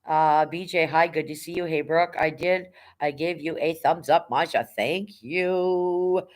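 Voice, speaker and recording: A woman's voice: deep voice, measured pace. A middle-aged woman hosting a casual livestream, rambling about her past jobs and greeting viewers by name, blunt and now and then swearing. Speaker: livestream host.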